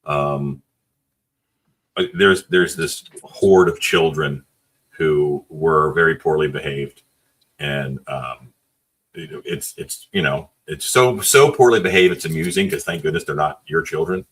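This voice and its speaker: A man's voice: rumbling low, a little slow, a bit bright, slightly rough. A man with a dry sense of humor telling anecdotes in a casual chat.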